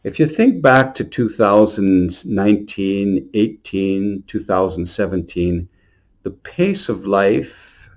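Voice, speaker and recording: Male priest, low voice, earnest homily delivery with a storytelling bent. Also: slow, a little mellow. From Montreal. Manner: earnest, storytelling, repeats words. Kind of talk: short New Year homily.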